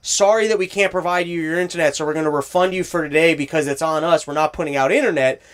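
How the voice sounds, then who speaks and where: Man, high voice, exasperated profane storyteller in casual talk, plays both parties of a call. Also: quick pace. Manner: profane, exasperated ranting, acts out both sides of calls. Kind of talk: casual chat.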